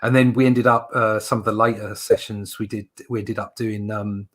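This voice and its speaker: A man's voice: fairly low pitch, level tone, moderate pace, a bit bright. A British man hosting a casual chat, rambling with many fillers and restarts. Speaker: host.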